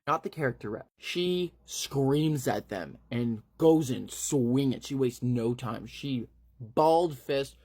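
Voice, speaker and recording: A man retells a gruesome horror story in a loose, chatty way, scattering fillers and asides. His voice sits in an ordinary middle pitch. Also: a little mellow. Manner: casual, filler-laden, graphic.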